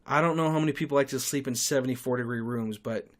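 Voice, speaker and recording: A young podcast host delivers a solo monologue, telling stories in a crude, sarcastic rant. He speaks fast in a mid-range voice.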